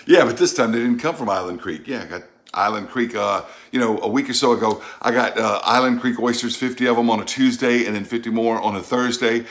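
Unboxing and sampling food for his vlog, this middle-aged Southern-accented man from Louisiana is folksy and chatty, breaking into animated outbursts. He speaks at medium pitch, a little fast, with hardly any pauses.

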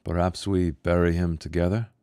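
A man voicing a weary, gentle wanderer who speaks calmly and soothingly to a child. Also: sits low, normal speed, dry recording, studio quality. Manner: calm, soothing.

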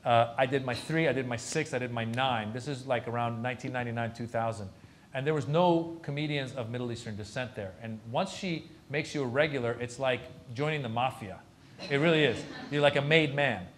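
Male comedian telling a story at a talk, animated, does the other people's voices, mid pitch. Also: brisk, slight background noise. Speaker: comedian guest at a university lecture. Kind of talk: storytelling anecdote in a Q&A.

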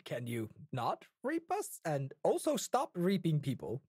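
Very animated woman with mock outrage. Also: low voice, husky, no echo, studio quality. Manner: quick mock outrage, wordplay. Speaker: player in a tabletop game.

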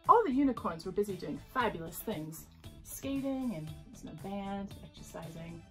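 A woman reading her children's picture book aloud, animated, with chatty asides to young listeners. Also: mid-range voice, moderate pace, over music.

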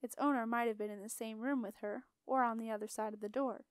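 A woman reads a fantasy chapter aloud with steady expression, her voice fairly high and smooth. The recording is close and completely dry, with no room sound. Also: quick pace, no room sound. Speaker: audiobook narrator. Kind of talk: storybook narration.

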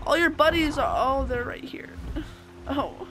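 A woman commentating as she plays a video game, chattering to the enemies and squeaking up high when she panics. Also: unhurried, noisy background. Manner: excitable, talks to enemies, voice shoots up when panicked. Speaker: gameplay streamer. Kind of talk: let's play commentary.

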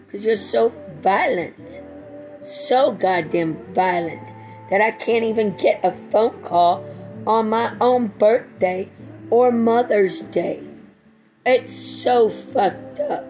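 A woman's voice: medium pitch, a little mellow, poor audio. A middle-aged woman in a rambling personal monologue, profane and swinging between tender and angry.

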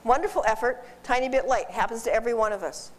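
A woman instructor teaching dog behavior to a live class in an animated, joking way, quizzing the class as she goes. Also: on the high side, fast. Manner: animated, jokey, asks the class questions. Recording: roomy hall from a distance.

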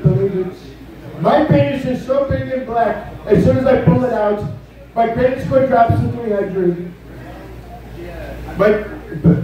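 A man's voice: extremely high pitch, dark tone, very echoey, distant mic, highs cut off. A man doing a live stand-up impression of a brash, boastful older male politician, rambling and tacking "okay?" onto his lines. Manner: rambling, bragging, repeats "okay?".

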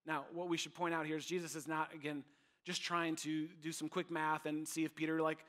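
A man preaching a sermon as pastor, emphatic and animated, repeating his points. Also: a little high, a little fast.

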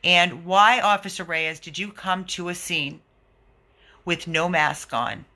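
A man's voice: high-pitched, slow pace, pushed and bright. A man who runs an animal rescue, giving an indignant, earnest video update to his followers.

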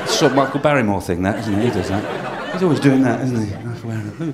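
A man doing a live stand-up routine on a comedy stage, with deadpan asides between acted rants. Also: medium pitch, fast. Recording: live album with loud crowd laughter and noise.

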